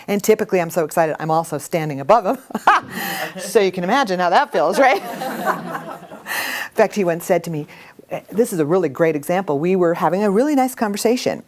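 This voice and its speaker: A middle-aged woman runs an interactive workshop. Her voice sits a little low, and she speaks expressively, with easy laughter between points. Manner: expressive, animated, talks with laughs. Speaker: workshop trainer.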